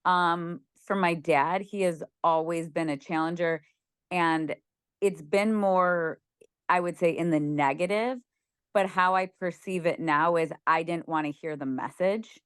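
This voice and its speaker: Chatty young woman, smooth low voice. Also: fairly even intonation, a little slow, fairly bright tone, no room sound, studio quality. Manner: chatty, many "like" fillers, laughs easily. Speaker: group member sharing. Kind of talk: casual chat on a video call. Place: lying on a bed at home. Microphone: video call.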